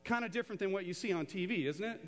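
A man preaching a sermon to a church congregation, animated and conversational, drawing the crowd into call-and-response. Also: sits high, very fast, in a large hall. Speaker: pastor. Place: large church auditorium.

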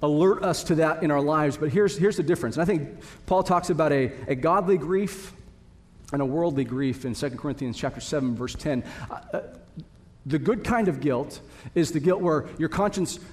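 A pastor with a voice on the high side and a slightly mellow tone preaches at a moderate pace. His earnest sermon to the congregation builds to emphatic repetition, echoing with the long reverb of a church sanctuary.

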